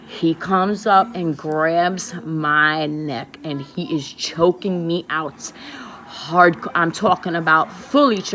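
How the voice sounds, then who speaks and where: A woman's voice: lowish voice, fairly bright tone, slight background noise. A woman, speaking straight to her viewers in a casual, confessional storytelling vlog, emphatic and repeating herself for weight. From the Bronx, New York. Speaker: vlogger.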